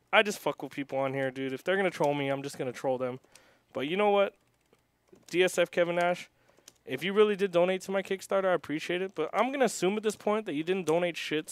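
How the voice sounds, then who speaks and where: A young man who owns an arcade, talking on a casual livestream, swearing heavily and hitting back at critics while reading chat aloud. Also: a little high. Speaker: arcade owner.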